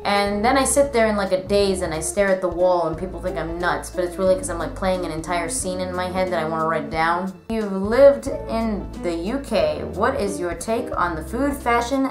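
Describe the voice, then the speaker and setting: A woman's voice: medium pitch, normal speed, few pauses. A young woman vlogger answering viewer questions in a casual, rambling chat full of fillers. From United States. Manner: chatty, rambling, lots of "like" fillers. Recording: echoey room with music behind. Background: background music.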